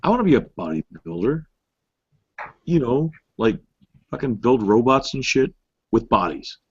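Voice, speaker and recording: A man's voice: medium pitch, big pitch swings, a little slow, breathy edge. A man co-hosting a casual chat show, rambling and self-deprecating. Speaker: co-host. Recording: dull, dry lo-fi audio.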